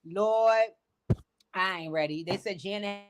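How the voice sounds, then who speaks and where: Hosting a relaxed gossip livestream, a woman in her forties speaks at a measured pace with medium pitch. Her storytelling is full of swearing, and she performs the quoted lines.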